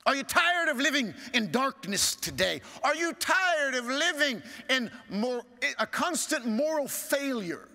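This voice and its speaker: A male pastor preaching a sermon, swinging from strong rising appeals to hushed, low asides. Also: sing-song, a little slow, few pauses. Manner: preaching with sweeping rises and hushed drops. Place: large church sanctuary. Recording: church hall reverb.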